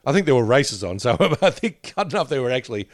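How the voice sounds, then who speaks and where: A man's voice: medium pitch, very animated, quick pace, no echo, clean studio sound. A man co-hosting a podcast, meandering through memories with frequent laughs. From Australia. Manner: meandering, reminiscing, laughs often. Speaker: podcast co-host. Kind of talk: casual chat.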